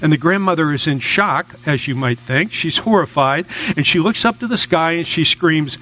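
A man's voice: on the high side, moderate pace, a bit bright, low-quality recording. A man preaching a sermon in a conversational, repetitive way, often checking in with listeners. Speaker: minister.

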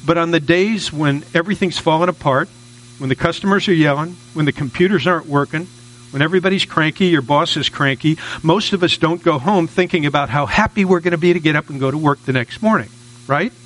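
A man's voice: a little high, brisk, fairly bright tone, low-quality recording. Chatty man giving a sermon. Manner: conversational, repetitive, often asking "okay?". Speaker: minister.

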